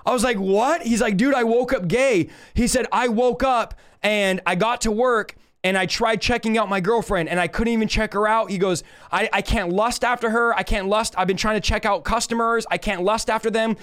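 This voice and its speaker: A man sharing his personal conversion testimony on a live stream, telling it in an animated, earnest way and acting out the dialogue he quotes. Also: sits high, normal speed, few pauses. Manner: emotional, earnest.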